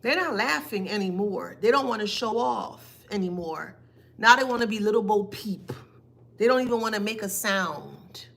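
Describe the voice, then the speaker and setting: A woman's voice: mid-range voice, fairly bright tone. A woman giving a spiritual reading, taunting and emphatic, asking pointed rhetorical questions. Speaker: tarot reader.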